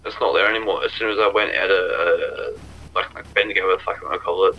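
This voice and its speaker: A man's voice: sits low, quick pace. A man grumbling and swearing casually during a roleplay game. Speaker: roleplay player. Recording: dull lo-fi mic with faint hiss.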